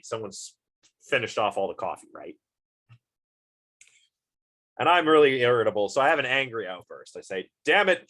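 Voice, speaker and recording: A man's voice: medium pitch, fairly bright tone. A man lecturing on philosophy in an informal university class, thinking aloud through everyday examples and putting questions to the students.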